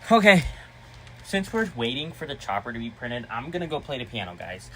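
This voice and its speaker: A man chatting casually as a vlogger, excitable and rambling, with restarts and sudden loud outbursts. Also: mid-range voice, a little fast, slight background noise. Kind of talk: casual vlog chat.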